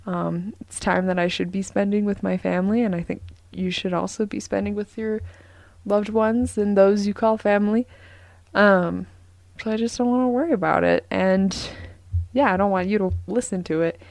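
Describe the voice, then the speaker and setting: Rambling young woman podcaster, gravelly voice. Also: mid-range voice, steady tone, moderate pace, darkish tone, no room sound. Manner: rambling, many ums and restarts. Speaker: podcast host. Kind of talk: casual solo podcast chat.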